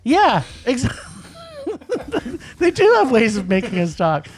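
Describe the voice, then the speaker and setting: A man's voice: very high voice, huge pitch swings, slow pace. A man co-hosting a podcast, ranting about movies in casual chat, emphatic and laughing. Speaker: podcast co-host. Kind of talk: casual film-review chat.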